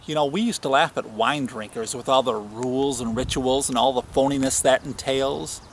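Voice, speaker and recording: A man's voice: mid-range voice, steady tone, moderate pace, slight background noise. A man hosting a show, delivering a sardonic comedic monologue in a wry, mock-scolding way. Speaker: show host.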